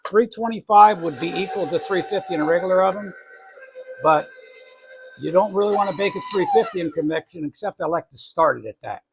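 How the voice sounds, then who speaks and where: A man's voice: high voice, wildly swooping pitch, fairly quick, vocal fry, noisy background. A middle-aged man from New England with a New England accent, casually demonstrating a cake recipe in his home kitchen, rambling and correcting himself as he goes. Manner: rambling, self-correcting, chatty asides. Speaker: home baking channel host.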